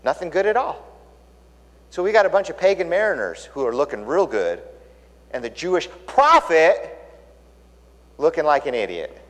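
A man preaching a sermon, telling the story with animated storytelling and acting out the characters' lines. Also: fairly high pitch, moderate pace, pauses often. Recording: long reverb of a large hall.

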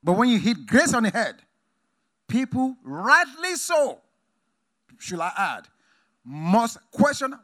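A man preaching a sermon emphatically, swinging between loud exclamations and quiet asides. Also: very high voice, very animated, takes it slowly, long pauses. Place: conference hall.

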